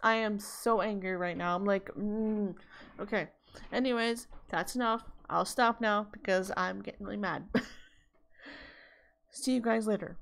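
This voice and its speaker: A woman's voice: medium pitch, fairly even intonation, unhurried, creaky, fairly bright tone. A woman vlogger in a heated, blunt rant, swearing freely as she talks to her viewers. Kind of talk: angry vlog rant.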